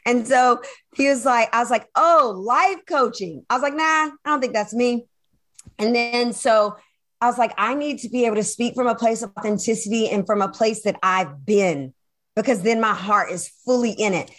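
Female interview guest, high-ish voice; lively storyteller who acts out her own past dialogue and laughs easily. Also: fairly quick. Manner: addresses listeners as y'all; laughs often. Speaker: podcast guest, sales coach. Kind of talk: personal storytelling in conversation.

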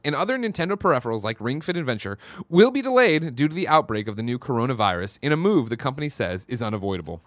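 Man, game news podcast host, bright tone, animated pitch, dry close mic. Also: no room sound. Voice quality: animated, jokey, reads news aloud.

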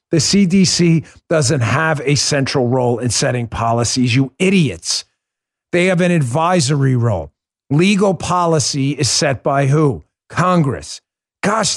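A man hosting a political podcast, delivering a combative, mocking monologue. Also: medium pitch.

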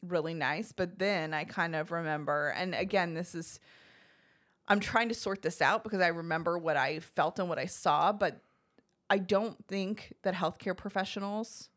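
A woman's voice: lowish voice, normal speed. A woman co-hosting a podcast, chatting casually as she tells a personal story and acts out what others said. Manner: chatty, animated, acts out quoted voices. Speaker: podcast co-host telling her birth story.

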